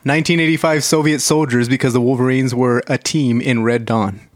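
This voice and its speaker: A man co-hosting a podcast, bantering casually with deadpan jokes. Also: medium pitch, a little fast, dry recording, studio quality. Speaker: podcast co-host.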